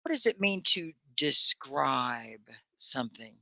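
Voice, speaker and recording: A woman's voice: a bass voice, very animated, slow, sharp tone, no echo. A woman hosting a live online English lesson, greeting viewers by name and asking them question after question. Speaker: ESL teacher hosting a live stream.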